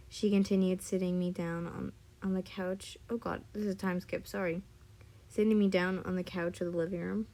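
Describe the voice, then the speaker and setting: A woman's voice: medium pitch, steady tone, moderate pace, creaky, warm tone. A woman casually reading a fan story aloud, stumbling and apologizing now and then. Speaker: story reader.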